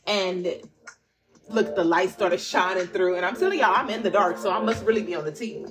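Woman tarot reader, mid-pitched, loose and chatty, swears freely and repeats herself for emphasis. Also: measured pace, pauses often, rough recording. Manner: chatty and profane, addresses listeners as "y'all" and "honey bunnies". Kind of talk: casual tarot reading monologue.

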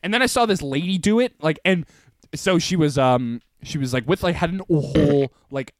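A man's voice: a little high, moderate pace, no room sound, studio quality. A young man co-hosting a podcast in casual, jokey banter, swearing freely and slipping into silly voices. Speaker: podcast co-host.

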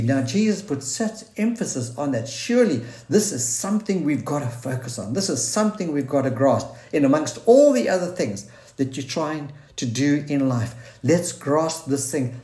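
A man's voice: mid-range voice, very animated, moderate pace, mellow. A man preaching a sermon in an earnest, searching way, quoting scripture and restarting his thoughts. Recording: roomy echo.

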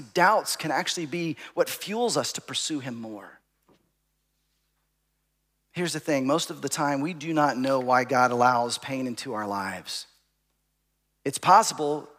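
A man preaching a sermon, telling a personal story, at times calling out loudly and at times dropping to a hush. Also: high-pitched, big-room sound. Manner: storytelling, rising to shouts and dropping to hushed asides. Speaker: pastor.

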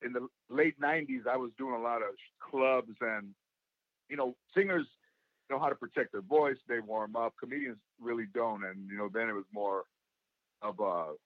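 A man with a raspy, worn voice talks casually as an interview guest. He tells stories with energy and acts out other people's lines. The sound is dull and dry, with no room echo. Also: mid-range voice, normal speed. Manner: animated storyteller who acts out quotes. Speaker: guest, actor and comedian.

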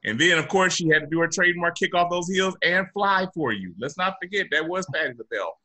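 A man co-hosts a podcast, recounting events with animated storytelling and frequent laughter. His voice is very bright and somewhat high for a man, and his pitch jumps around a lot. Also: quick pace. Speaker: podcast co-host. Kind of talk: casual chat.

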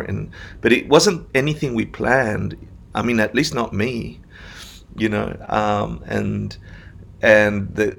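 Gravelly husky-voiced man from Argentina. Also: lowish voice, a bit bright. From Argentina, Buenos Aires. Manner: candid, self-deprecating, frequent restarts. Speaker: Buddhist teacher, guest. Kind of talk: conversational storytelling.

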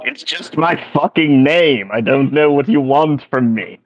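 A man voicing an ancient, grandiose male wizard in rainbow robes, speaking in a booming, theatrical way. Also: animated, unhurried, no echo.

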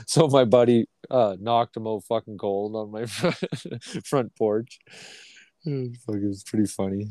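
A man's voice: lowish voice, a little slow, long pauses, dark tone, no room sound. Profane, rambling Canadian man telling stories. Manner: profane, rambling anecdotes with acted quotes. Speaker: podcast co-host. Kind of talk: casual chat, storytelling.

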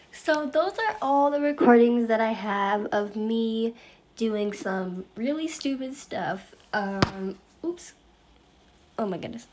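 Bubbly young woman, higher voice. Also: lively intonation, slow pace, darkish tone. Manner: bubbly, giggly, stumbles and restarts. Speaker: podcast host. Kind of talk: casual blooper reel of podcast intros.

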